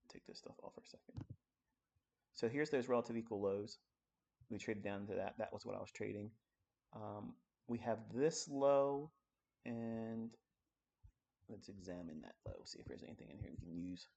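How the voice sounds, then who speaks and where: A man's voice: fairly low pitch, lively intonation, moderate pace, creaky, pauses often, a little mellow. A man giving a live-streamed trading lesson, talking bluntly and coarsely while working through charts at his computer. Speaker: trading educator.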